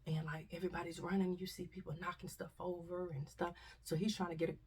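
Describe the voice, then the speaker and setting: A woman's voice: on the low side, flat delivery, fast, far from the mic, a little hiss or hum. A woman vlogger, telling a story casually and animatedly, acting out voices and dropping to whispers.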